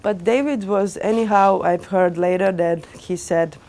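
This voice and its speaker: A young woman DJ telling her story to an audience in animated, non-native English with small grammar slips, lots of fillers and restarts. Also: mid-range voice, unhurried, slight background noise. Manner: animated, acts out quoted dialogue. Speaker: DJ giving a lecture.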